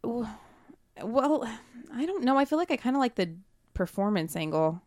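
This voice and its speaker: A woman's voice: on the high side, sing-song, normal speed, darkish tone, no echo. A woman who is a guest on a podcast, in casual chat, hesitant and self-deprecating, on a studio mic with a pop screen.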